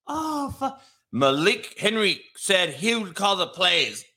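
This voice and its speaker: Profane middle-aged male host, brash rant, animated bright delivery. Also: sits high, measured pace. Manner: brash, profane, shouting and laughing at commenters. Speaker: host, former coach. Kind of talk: profane live-stream rant.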